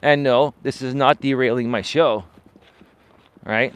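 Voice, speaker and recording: A man's voice: mid-range voice, fairly even intonation, unhurried, smooth. A man hosting a live coaching stream, talking in a dismissive, emphatic way, repeating words for stress and often asking "right?". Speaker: life and dating coach, live-stream host. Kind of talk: unscripted live-stream monologue.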